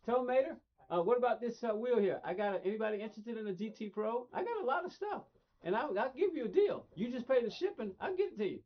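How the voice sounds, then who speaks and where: A man's voice: very high voice, sing-song, fast talker. A middle-aged man streaming a racing game, rambling casually and talking straight to his chat. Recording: dull lo-fi stream audio.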